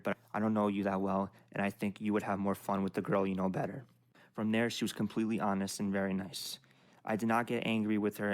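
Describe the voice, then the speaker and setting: A young man narrating a personal story in an even, plain way. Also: on the low side, low-quality recording.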